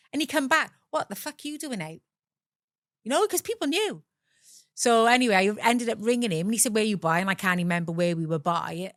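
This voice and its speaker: A woman's voice: on the high side, no echo, clean studio sound. A middle-aged woman from Wales with a South Welsh accent, a guest telling her own story candidly, swearing freely and acting out the voices of people in it.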